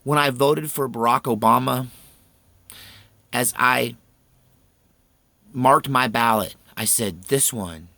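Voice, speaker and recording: A man's voice: medium pitch, takes it slowly, creaky, long pauses, sharp tone, dry recording. A man in his fifties telling a personal story in a folksy, earnest, conversational way.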